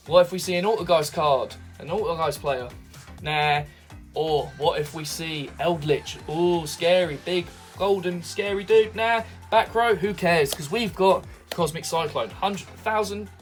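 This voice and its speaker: A man giving hyped solo video commentary as a card game deck reviewer, excitable and salesy. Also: sits high. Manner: excitable, salesy, hypes everything.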